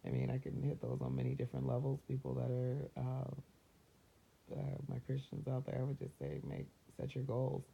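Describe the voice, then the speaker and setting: A woman talking casually and upbeat about mindfulness and positive thinking, chatty, laughing often and slipping into quick acted-out voices. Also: rumbling low, big pitch swings, creaky, a little hiss or hum. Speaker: self-help vlogger. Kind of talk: casual motivational talk. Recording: dull lo-fi recording.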